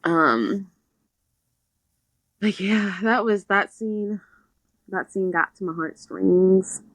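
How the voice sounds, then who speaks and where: A woman's voice: mid-range voice, drawn-out words, dry recording, low-quality recording. A young woman co-hosting a podcast, recapping a book in casual chat and acting out what the characters say. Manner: animated storytelling, quotes characters in little voices. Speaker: podcast co-host.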